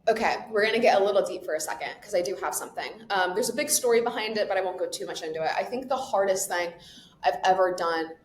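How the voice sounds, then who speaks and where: Bubbly young woman in an echoey room. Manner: bubbly, quick, laughs often, lots of "like". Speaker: podcast guest. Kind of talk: casual chat. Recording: echoey room with faint rumble.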